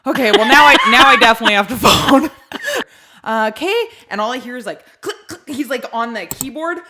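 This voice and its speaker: A woman co-hosting a podcast, telling a story in casual chat, animated and swearing as she acts out her own yelling. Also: a little high, brisk, a crowd in the background. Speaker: podcast co-host.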